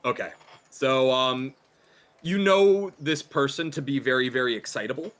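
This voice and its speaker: A man's voice: mid-range voice, normal speed, fairly bright tone. Hesitant male game master. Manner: hesitant, with many fillers and restarts. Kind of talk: narrating a tabletop horror game.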